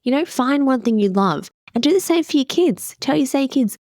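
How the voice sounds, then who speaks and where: Blunt, gravelly-voiced woman podcast coach. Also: sits high, lively intonation, moderate pace, a little mellow, dry recording, clean studio sound. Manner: candid and emphatic, swears casually. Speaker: podcast host and wellness coach. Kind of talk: casual motivational podcast talk.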